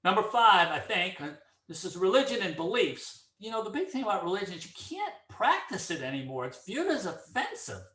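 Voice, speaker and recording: A man's voice: high voice, brisk, echoey room. A middle-aged man giving a casual opinion monologue, telling stories and acting out the dialogue in them. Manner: animated storyteller, acts out dialogue. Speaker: speaker giving commentary.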